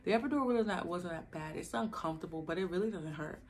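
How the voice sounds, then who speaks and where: At home, a young woman vlogs to her camera, casually recounting her labor story with animated, slangy asides to viewers. She speaks fast in a fairly low voice, with a little hiss or hum in the background.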